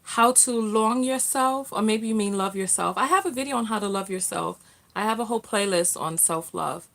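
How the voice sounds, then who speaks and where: A woman's voice: medium pitch, moderate pace, gravelly, fairly bright tone. A middle-aged woman hosting a casual livestream, reading out viewer comments in a chatty way with lots of fillers and restarts. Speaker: livestream host, self-love coach.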